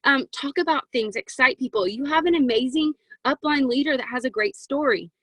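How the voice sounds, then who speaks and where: Chatty, excitable young woman on a video call. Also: sits high, fairly quick, dry recording, rough recording. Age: 20s. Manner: chatty and excitable, peppered with "um" and "right?". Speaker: guest speaker on a sales team call. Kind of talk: motivational team coaching talk. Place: home walk-in closet.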